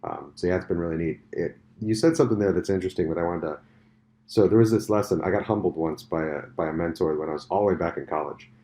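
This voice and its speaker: A middle-aged man hosting a casual podcast chat, speaking in a deep, low register. He talks at a brisk clip, jumping into stories with quick asides and self-corrections. His tone is dark and mellow rather than bright. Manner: animated storyteller, quick asides and restarts. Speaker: podcast host. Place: conference venue.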